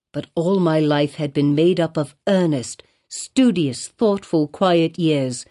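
A woman's voice: sits low, mellow. A woman reading the part of a bitter, vengeful elderly male physician in an audiobook, in grave, brooding old-fashioned speech.

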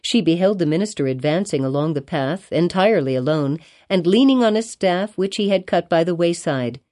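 Mellow-voiced woman reading a classic novel. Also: lowish voice, animated, fairly quick. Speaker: audiobook reader. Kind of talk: scripted narration of a classic novel.

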